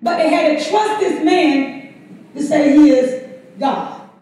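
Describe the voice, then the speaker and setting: A woman teaching a Bible study, conversational and quick to laugh, drawing responses from the congregation. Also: sits high, dark tone. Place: church sanctuary. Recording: very echoey room from far off.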